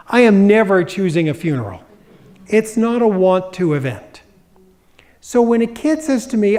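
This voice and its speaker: A middle-aged man with a notably high speaking voice gives a public presentation. He speaks as an expert, telling stories and playing out the voices of the people in them. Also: expressive, moderate pace, mellow. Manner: storytelling, acts out quoted voices. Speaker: grief expert giving a public talk.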